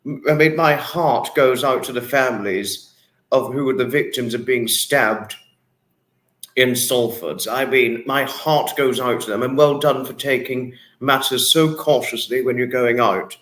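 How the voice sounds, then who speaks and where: A man's voice: medium pitch, a little slow, a bit bright. A man hosting a casual livestream, reading out viewer comments in an emotional, repetitive way. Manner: emotional, repetitive, dwells on words. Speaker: livestream host. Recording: echoey room.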